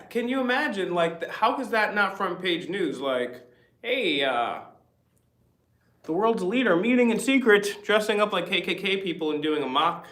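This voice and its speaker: A man's voice: on the high side, a bit bright, reverberant. A man hosting a casual livestream chat, rambling and reading viewer comments aloud. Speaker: livestream host.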